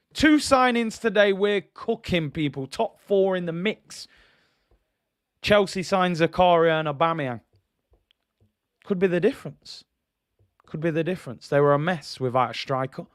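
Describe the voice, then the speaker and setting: Casting: bloke, fan-channel host, fed-up rant, higher-pitched, dry close mic. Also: male voice, no echo. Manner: frustrated, rhetorical questions, reads out viewer comments.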